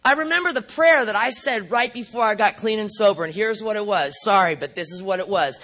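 A middle-aged woman speaking at a recovery meeting, telling her story bluntly and profanely with animated asides. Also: mid-range voice, a little fast, few pauses.

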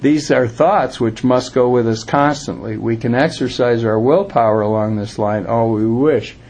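A man's voice: medium pitch, darkish tone, slightly rough. A man giving an earnest, plain-spoken recovery talk to a group, emphatic and direct. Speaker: recovery speaker.

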